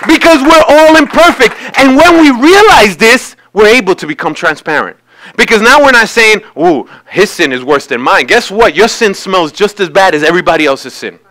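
A man's voice: high voice, lively intonation, moderate pace, sharp tone, low-quality recording. A man preaching a sermon as pastor in a church, talking conversationally and acting out quoted voices.

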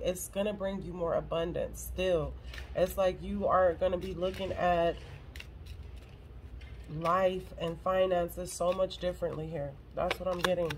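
A woman's voice: lowish voice, a little hiss or hum, poor audio. A woman doing a casual tarot reading to camera, blunt and profane and close to tears. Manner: blunt and profane, emotional, swears freely. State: on the verge of tears. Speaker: tarot reader.

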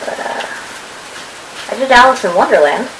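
A woman's voice: a little high, lively intonation, normal speed, fairly bright tone, low-quality recording. A woman talking casually to her camera, chatty and rambling as she looks through old papers. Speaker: vlogger. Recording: audible background noise.

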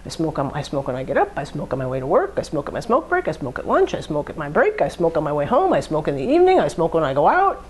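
A woman's voice: sits low, wildly swooping pitch, fast talker, few pauses, a little mellow, slightly rough. A woman giving a conversational lecture on addiction, walking through everyday examples and acting out the thoughts behind them. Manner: conversational, acts out hypothetical inner thoughts. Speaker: addiction educator. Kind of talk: classroom lecture.

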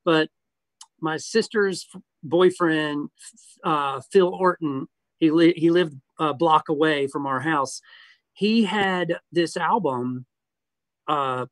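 A man's voice: fairly high pitch, a little slow, dry recording. A man from Georgia, casually and candidly reminiscing as an interview guest. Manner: relaxed, candid, profane reminiscing. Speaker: guest musician.

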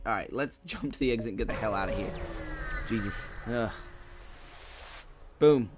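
This young let's play gamer talks fast in a mid-range voice with big pitch swings, music playing in the background. Sleepy and yawning now and then, he gives profane, casual video game commentary full of swearing, muttering and frustrated outbursts.

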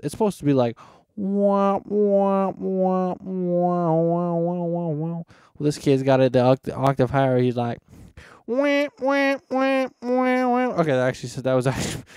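A man's voice: medium pitch, mellow, clear, resonant tone, no echo, studio quality. Rambling teenage guy on a podcast mic. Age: teens. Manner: rambling, slangy, mocking, curses freely. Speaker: podcast host. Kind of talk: casual solo podcast rant. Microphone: close podcast microphone.

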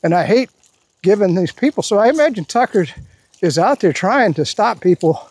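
A man's voice: high voice, lively intonation, normal speed, a little mellow, slightly rough, dry recording. A man giving a rambling, indignant political rant while out walking his dog, restarting his sentences often. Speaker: political commentary vlogger. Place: outdoors.

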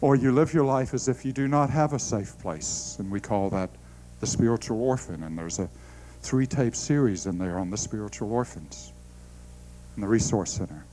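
A middle-aged man preaching a sermon, telling stories with animated delivery, laughing and stammering through restarts. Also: on the low side, normal speed, a little hiss or hum, low-quality recording.

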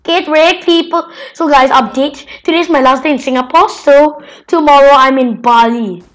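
A woman's voice: high voice, moderate pace, a bit bright, rough recording. A woman hosting a casual gameplay video, chatting playfully with a friend and chanting silly sounds as she plays. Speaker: gaming channel host.

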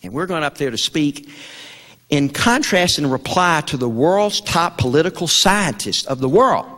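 A man's voice: on the high side, animated, normal speed, fairly bright tone. An older man with a Southern American accent telling a story to an audience, folksy and stammering, a Vietnam veteran speaker. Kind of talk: storytelling speech at an event. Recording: long hall reverb.

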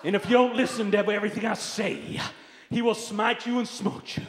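A man voicing a fiery male televangelist who shouts his sermon and tacks an "ah" onto every phrase. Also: high-pitched, steady tone, normal speed, pitched above the performer's own voice. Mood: fervent. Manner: bellowing, punctuates phrases with "ah". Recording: reverberant hall.

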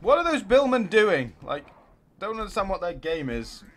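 A man hosting a let's play, giving live commentary and cheering his units on excitedly. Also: sits high, normal speed.

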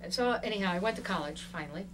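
An older woman from Tanganyika recalls her family in an oral history interview, spinning her memories out as an animated story and often laughing as she talks. She sits some way back from the microphone, and a faint hiss runs under her voice. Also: fairly low pitch, rapid-fire. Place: museum interview room. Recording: distant mic with faint background noise.

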